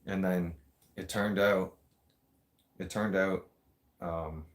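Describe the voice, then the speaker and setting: Low-voiced guy telling a story, cussing nonstop, talking right at the listeners. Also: fairly even intonation, slow pace. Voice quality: blunt, heavy swearing, streetwise. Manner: swears constantly and addresses listeners directly. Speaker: show host telling a story. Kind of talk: casual profane storytelling.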